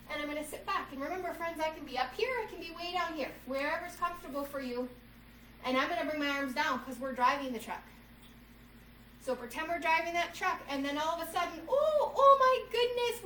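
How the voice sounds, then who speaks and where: Bright-voiced woman leading kids' yoga. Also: high voice, slight background noise. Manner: upbeat and encouraging, keeps calling the children "friends". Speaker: children's yoga instructor. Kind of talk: reading a storybook while leading kids' yoga. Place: at home. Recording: roomy sound from a distant mic with faint ambience.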